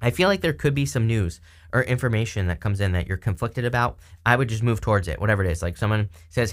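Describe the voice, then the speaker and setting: A man giving a casual, chatty tarot reading, animated and full of fillers, laughing now and then. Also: lowish voice, quick pace. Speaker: tarot reader.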